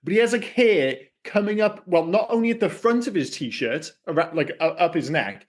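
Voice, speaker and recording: A man's voice: high voice, expressive, normal speed. A man co-hosting a podcast, chatting casually about an old film, rambling, correcting himself and swearing freely. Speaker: podcast co-host.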